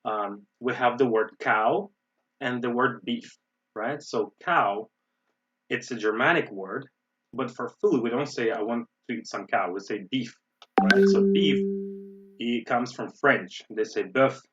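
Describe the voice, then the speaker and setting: A man's voice: medium pitch, animated, takes it slowly, a bit bright, slight background noise. American man, english teacher, webinar lesson, explanatory, muffled distant mic. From USA. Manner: explanatory, frequent "right?" and "um" fillers.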